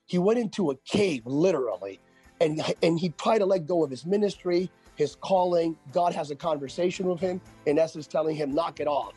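A man's voice: on the high side, fairly quick, dark tone, slightly rough, soft background music. A man who is a pastor and author, speaking as a radio interview guest in an emphatic preaching cadence and repeating phrases for effect.

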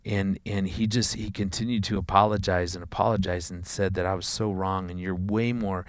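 A man, a father of four, telling a personal story in a conversation, earnest and halting, often repeating words. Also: sits low, fairly even intonation, no room sound, clean studio sound.

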